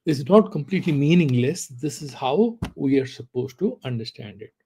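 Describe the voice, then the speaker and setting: A man's voice: medium pitch, expressive, normal speed, warm tone, slight background noise. A man teaching a philosophy class, reciting Sanskrit verses and asking rhetorical questions. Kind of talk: class lecture.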